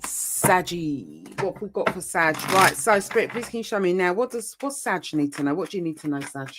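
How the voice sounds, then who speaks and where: A woman's voice: lowish voice, sing-song, fairly quick, over loud music. A woman giving a casual tarot reading, chatty and rambling, with frequent ums and mild swearing. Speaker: tarot reader.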